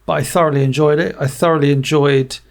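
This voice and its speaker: Jokey male co-host, gravelly, a bit high. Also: fairly even intonation, fast. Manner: blunt, jokey. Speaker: podcast co-host. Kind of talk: casual chat.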